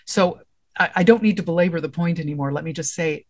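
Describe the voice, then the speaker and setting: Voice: medium pitch, quick pace. Conversational writing teacher explaining with examples. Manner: conversational, explains through example lines and questions. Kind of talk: casual instructional talk.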